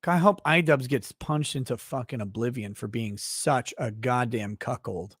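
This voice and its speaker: A man's voice: medium pitch, moderate pace, fairly bright tone, husky, dry recording, clean studio sound. A man hosting a livestream who rants in a blunt, profane, riffing way. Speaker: livestream show host. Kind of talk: casual livestream rant.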